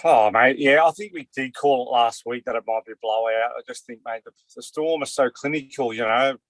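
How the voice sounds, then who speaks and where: A man's voice: medium pitch, a little fast, dry recording. A man with an Australian accent, talking in a rambling way in a casual sports chat and saying "mate" and "you know" a lot. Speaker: co-host, former player.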